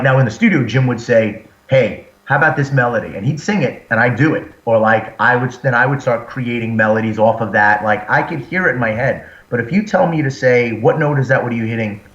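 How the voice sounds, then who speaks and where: A man who sings and fronts a metal band, chatting in an interview and telling stories with acted-out quotes. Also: mid-range voice. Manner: animated storyteller, acts out quotes. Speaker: band singer and frontman, guest. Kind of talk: casual interview chat. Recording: roomy, dull lo-fi sound.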